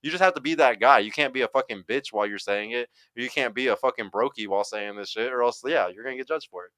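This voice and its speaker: A man hosts a livestream and reacts bluntly to a clip, swearing freely as he reads chat comments aloud. His voice is bright and crisp, with a clean, dry sound close to the mic. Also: mid-range voice, fast, dry recording, rough recording.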